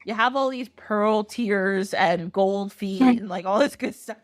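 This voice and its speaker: A woman's voice: mid-range voice, measured pace, no echo, studio quality, close to an everyday voice. A woman voicing a scheming female witch disguised as a friendly maid, in a casual, mocking way.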